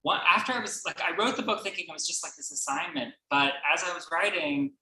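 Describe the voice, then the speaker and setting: Man, author at a book talk, casual conversation, halting, lots of fillers, slightly high voice, echoey room. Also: animated, creaky, pushed and bright. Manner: halting and earnest, frequent fillers and restarts. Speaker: author discussing his novel. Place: bookstore event room. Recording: roomy echo.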